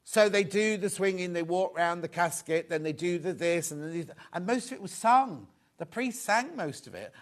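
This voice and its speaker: Middle-aged male shopping host, rambling and jokey, slightly high-pitched. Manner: chatty, rambling, jokey asides. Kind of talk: live TV selling, casual chat.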